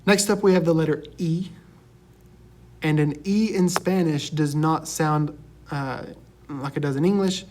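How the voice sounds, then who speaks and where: Slow, higher-voiced teacher drilling words. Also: male voice, a little mellow, a little hiss or hum. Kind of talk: recorded class lecture.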